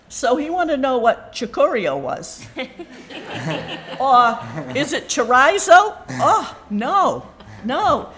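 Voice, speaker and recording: A woman's voice: high voice, a bit bright, husky. A woman giving farewell remarks at a town meeting, teasing and laughing often. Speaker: board member.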